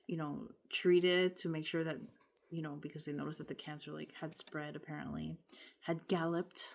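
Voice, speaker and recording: Low-voiced woman venting candidly. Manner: rambling, candid, swears often. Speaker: vlogger. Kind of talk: casual confessional vlog.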